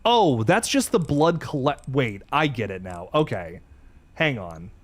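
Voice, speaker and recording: A man's voice: mid-range voice, measured pace. Jumpy man commentating a horror game. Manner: jumpy, excitable, swears when startled. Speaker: gaming channel host.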